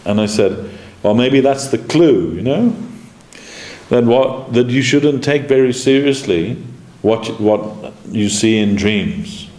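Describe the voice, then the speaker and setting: A man's voice: medium pitch, animated, slow pace, a little mellow. A man giving an informal devotional class, telling anecdotes and acting out the quoted dialogue in them. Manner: storytelling, acts out quoted dialogue, chuckles. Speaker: spiritual teacher giving a class. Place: temple lecture room. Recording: echoey room, faint background noise.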